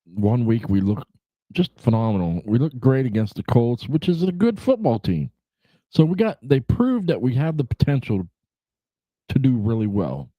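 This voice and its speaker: A man's voice: mid-range voice, very animated, normal speed, dry recording, dull audio. A man hosting a casual livestream chat show, rambling and laid-back, swearing freely, with lots of "you know" fillers. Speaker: podcast host.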